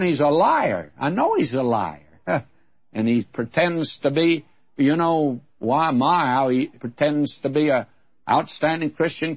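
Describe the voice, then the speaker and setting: Husky-voiced man preaching a folksy sermon. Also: a little high, highs cut off. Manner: folksy, frank, conversational preaching. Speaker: Bible teacher.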